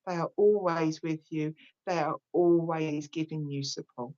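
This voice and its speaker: A woman in her forties, a psychic medium talking on a live stream in a relaxed, chatty and openly emotional way. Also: deep voice, measured pace, muffled recording. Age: 40s. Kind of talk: live-stream spiritual talk.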